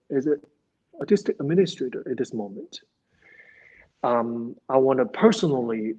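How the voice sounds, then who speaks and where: A man's voice: on the high side, darkish tone. Earnest man on a dull lo-fi line. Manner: earnest, halting, grateful, with restarts. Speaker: podcast host, former dancer. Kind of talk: casual interview chat. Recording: dull lo-fi sound.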